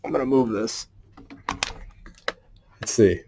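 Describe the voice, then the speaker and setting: A man's voice: medium pitch, takes it slowly, warm tone, a little hiss or hum. A man livestreaming an emotional solo performance at home, talking in an earnest, intense way and swearing freely.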